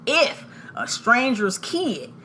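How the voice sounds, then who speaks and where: A woman, co-hosting a casual chat podcast, telling loud, animated stories with blunt profanity. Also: on the high side, takes it slowly, slight background noise. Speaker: podcast co-host.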